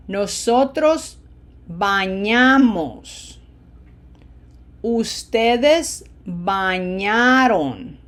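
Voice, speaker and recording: A woman teaching Spanish verb endings, drilling each form slowly and encouraging her students. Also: mid-range voice, fairly bright tone. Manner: slow, deliberate drill pronunciation with encouraging asides. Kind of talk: language lesson.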